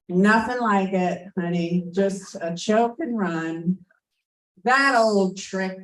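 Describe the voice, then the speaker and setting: A woman's voice: mid-range voice, slow. A woman hosting a live storytelling night, breezy and playful between acts. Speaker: host. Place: event space with audience. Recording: roomy sound from far off the mic.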